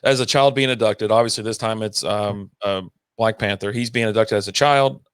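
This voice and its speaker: A man co-hosting a casual reaction chat, relaxed and rambling, checking in with his co-host often. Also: fairly low pitch, a little fast, smooth, dry recording, clean studio sound. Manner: relaxed, rambling, keeps saying you know what I mean.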